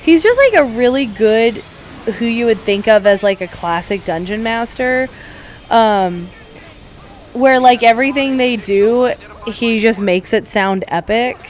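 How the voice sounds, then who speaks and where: A woman's voice: fairly high pitch, expressive, a little slow, slight background noise. A woman co-hosting a gaming podcast, chatting casually during a playthrough and retelling stories with acted-out quotes. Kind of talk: casual chat over a game playthrough.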